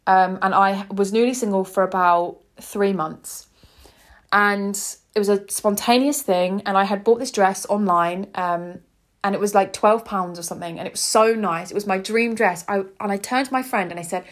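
A woman's voice: medium pitch, normal speed. A woman in her twenties, hosting a podcast and telling a personal story in an earnest, heartfelt, chatty way. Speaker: podcast host.

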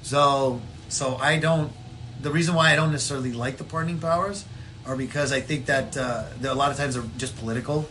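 A man co-hosting a casual political chat podcast, telling stories in a rambling way and doing quick voices for the people in them. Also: medium pitch, a little hiss or hum. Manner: rambling, animated storytelling with voiced impressions. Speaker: podcast co-host.

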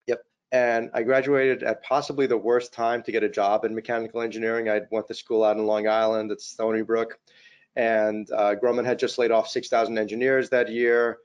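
A middle-aged man, a podcast guest, tells anecdotes in a modest, easygoing way, leaning on "you know" and filler words. His voice is at a middling pitch, and the audio sounds slightly dull and lo-fi. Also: flat delivery, a little fast, clean tone. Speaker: company CEO guest. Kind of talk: casual interview storytelling.

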